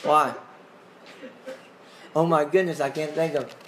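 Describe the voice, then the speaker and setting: A man teaching a Bible class in a fairly high voice. He talks conversationally, puts questions to the class and chuckles as he goes, with a faint hiss behind him. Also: steady tone, slow, fairly bright tone.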